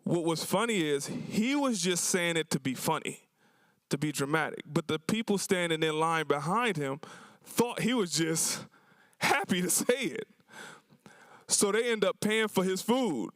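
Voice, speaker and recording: Man telling casual stories, clear and dry. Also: fairly high pitch, moderate pace, a bit bright, no echo. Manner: casual, colloquial storytelling that acts out customers' lines. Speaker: cafe owner and symposium speaker. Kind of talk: storytelling talk to an audience. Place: university symposium event.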